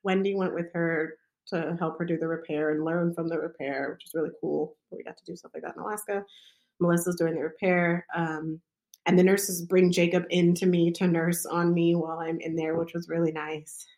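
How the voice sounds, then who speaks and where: Speaking from her own work as a midwife, a woman tells a personal story in relaxed, chatty talk peppered with fillers. Her somewhat low voice is steady and darkish in tone, at a normal speed.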